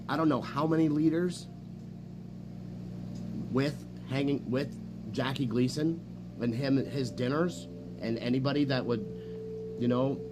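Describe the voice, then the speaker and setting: A man streaming a casual, rambling chat, swearing often and bragging as he jumps from story to story. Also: medium pitch. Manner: profane, boastful, jumps between stories. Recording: noisy room with hum.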